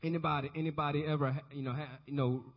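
A man's voice: a little high, fairly even intonation, very fast. A man preaching a sermon to a congregation, calling on the listeners to answer back and repeat after him. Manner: call-and-response preaching, asks congregation to repeat. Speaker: pastor. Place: church sanctuary. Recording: dull recording with long hall reverb.

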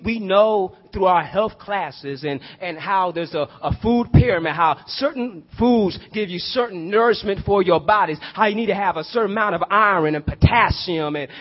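A man preaching a sermon, swinging from hushed prayer to shouted emphasis, using y'all and rhetorical questions to his listeners. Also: high voice, muffled recording. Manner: uses y'all and call-and-response questions.

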